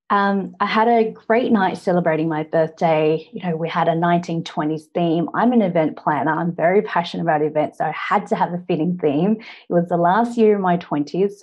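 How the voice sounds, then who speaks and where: Lower-voiced Australian woman telling her story. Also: darkish tone, lo-fi sound. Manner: earnest storytelling, often pausing on "now". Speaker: public speaker. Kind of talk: personal story speech.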